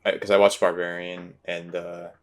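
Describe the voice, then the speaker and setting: A man's voice: deep voice, flat delivery, normal speed. A man in casual movie talk, rambling and searching for words with many fillers. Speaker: podcast host.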